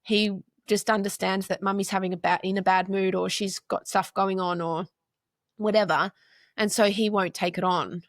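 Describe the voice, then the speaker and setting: Appearing as a podcast guest, a mother and counselor in her forties talks casually and earnestly at a moderate pace, piling up long lists of brief phrases. Vocal fry lends a gravelly edge to her mid-range voice, and the sound is dry and close-miked.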